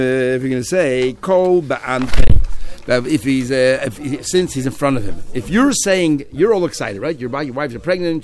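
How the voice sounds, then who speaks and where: Animated man teaching a text class. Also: medium pitch. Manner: animated, acting out the speakers he quotes.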